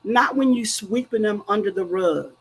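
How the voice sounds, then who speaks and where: A woman grief coach speaks earnestly and emphatically in a faith-based, preacherly conversational style. Her medium-pitched voice moves at normal speed with a breathy edge, and the recording quality is low.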